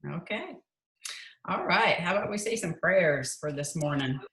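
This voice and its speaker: A woman's voice: on the low side, lively intonation, measured pace, fairly bright tone, echoey room, a little hiss or hum, low-quality recording. A woman hosting a casual prayer-group chat, playful and laughing often. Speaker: host.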